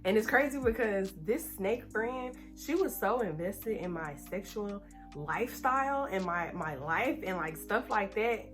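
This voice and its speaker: A young woman from Texas telling a personal story while doing her makeup. She talks in an animated, chatty way and speeds up when she gets nervous. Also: medium pitch, a little slow, music in the background. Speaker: beauty vlogger.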